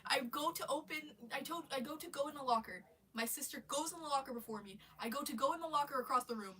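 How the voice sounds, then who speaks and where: Bright-voiced woman ranting, stuffy nose. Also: high-pitched, fast talker, recorded from a distance. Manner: rambling, swearing, frequent restarts. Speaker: streamer. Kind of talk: casual live-stream rant. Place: bedroom.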